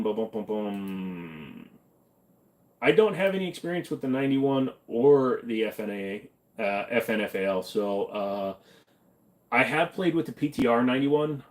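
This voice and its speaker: A man hosting a livestream who chats casually through viewer questions. His replies are dry and joking, at a middle pitch and an everyday pace. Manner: joking, deadpan, answers questions from chat. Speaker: livestream host. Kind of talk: casual livestream chat reading comments.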